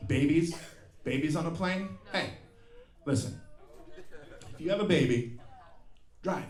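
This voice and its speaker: Recorded live in a roomy comedy venue full of crowd laughter, a middle-aged man rants through a profane stand-up set, acting out other people's lines. His voice sits on the high side and he takes his time. Background noise is audible.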